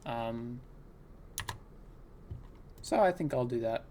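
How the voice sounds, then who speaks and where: A man's voice: medium pitch, slow pace, dark tone, a little hiss or hum. A man commenting on his own card game as he plays, thinking aloud and groaning at bad luck. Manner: talks through plays, exasperated, laughing groans. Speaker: gaming content creator. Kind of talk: live gameplay commentary.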